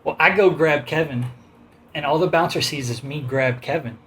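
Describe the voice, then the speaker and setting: A man's voice: on the high side, moderate pace, slight background noise. Man telling a rambling bar story. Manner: rambling, animated anecdote with quoted voices and laughs. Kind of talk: casual storytelling chat.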